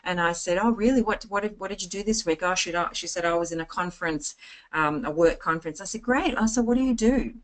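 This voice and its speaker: A woman giving an informal sales training talk, full of anecdotes, chatty and lively, restarting her phrases often. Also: lowish voice, fast talker. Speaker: network marketing trainer.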